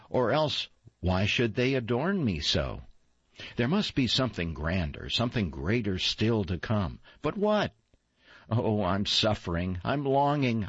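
A man's voice: on the low side, breathy edge, no room sound, exaggerated voice. A man voicing a restless young fir tree that longs to be taken away, asking eager questions. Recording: dull lo-fi, dry.

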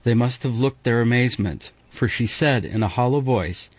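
A man narrates a classic novel in a measured, even reading voice. The recording is bone dry and slightly dull, with a muffled top end. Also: medium pitch, dry recording. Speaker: audiobook narrator.

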